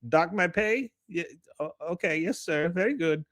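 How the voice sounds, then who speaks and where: A man's voice: sits high, animated, normal speed, a bit bright, dry recording, clean studio sound, voice pushed up. A man voicing a stressed middle-management man who sounds strained and pleading. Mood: anxious.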